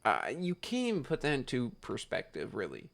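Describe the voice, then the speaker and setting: A man's voice: medium pitch, wildly swooping pitch, normal speed, creaky. A young man talking straight to camera late at night, rambling and frustrated, swearing freely as he rants about his online community. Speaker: YouTuber. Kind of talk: late-night casual vlog rant.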